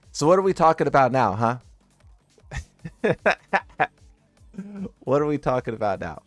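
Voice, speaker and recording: A gaming content creator gives casual commentary for his viewers in a low-ish voice, recorded dry. He sounds incredulous and teasing, laughing at what he reads.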